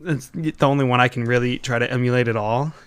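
Guy rambling on a podcast, smooth voice, kinda all over the place. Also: mid-range voice, fast. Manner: rambling, animated, trails off. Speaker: podcast co-host. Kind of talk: casual chat.

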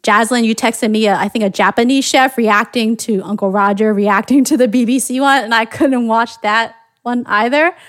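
A woman from the United States hosts a casual podcast chat, her voice sitting a little high. She thinks aloud, restarting her sentences as she goes. The sound is dry and close, with no room around it. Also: normal speed, hardly any pauses, no room sound. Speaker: podcast host.

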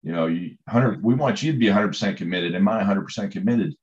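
A man's voice: low voice, quick pace, a little mellow, dull audio. A man, a coach, telling stories in a conversation, rambling with many fillers and restarts. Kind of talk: storytelling in conversation.

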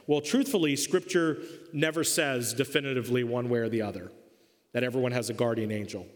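A male pastor preaching a sermon, telling the story in a lively, humorous way. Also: mid-range voice, fast talker. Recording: long reverb of a church hall.

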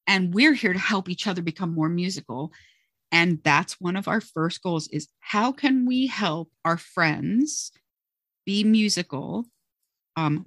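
A woman's voice: on the low side, fairly bright tone, no room sound, clean studio sound. A woman who teaches music, chatting as an interview guest and telling stories expressively, often saying "you know" and "like". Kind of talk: conversational interview talk.

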